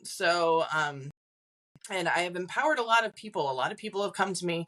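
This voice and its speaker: A woman's voice: on the low side, lively intonation, a little fast, a bit bright. A woman guest on a podcast, a psychic medium, talking casually with lots of "like" fillers and little laughs. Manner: chatty, acts out quoted voices, frequent "like" fillers; laughs between points.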